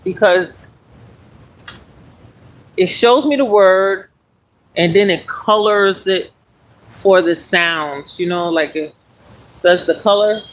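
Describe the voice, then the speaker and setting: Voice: medium pitch, takes it slowly, pauses often, low-quality recording. A speaker in their forties, rambling casually on a live stream while walking and exercising outdoors, talking into a handheld phone. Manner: chatty and meandering, talks while walking and exercising. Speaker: livestreamer.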